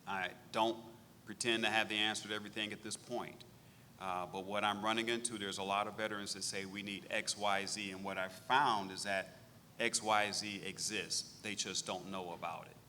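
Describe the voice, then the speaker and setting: A middle-aged man, a veterans services director presenting at a public meeting, talking briskly and directly and repeating phrases for emphasis. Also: on the low side, fairly even intonation, pushed and bright, long reverb tail, a little hiss or hum.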